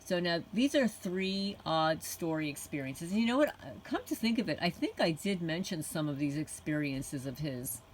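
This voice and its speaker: A woman channel host reading a written testimony aloud in a soft-spoken way, chuckling often. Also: sits low, expressive, normal speed, hardly any pauses, a little hiss or hum, low-quality recording.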